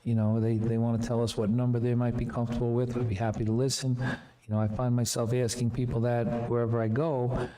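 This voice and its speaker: A man on a school board speaking in a halting, conciliatory way, with many fillers. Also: medium pitch, flat delivery, mellow, reverberant. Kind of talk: board meeting discussion. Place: meeting room.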